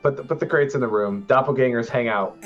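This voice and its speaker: A man's voice: medium pitch, fast, lo-fi sound, soft background music. A man playing a tabletop game, joking and laughing with the group in casual chat. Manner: playful, laughs often, animated. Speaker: player.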